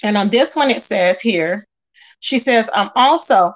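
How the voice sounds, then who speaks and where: A woman hosting a casual gossip commentary, talking straight to her viewers in an animated way with lots of fillers. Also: medium pitch, a little slow. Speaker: commentary channel host.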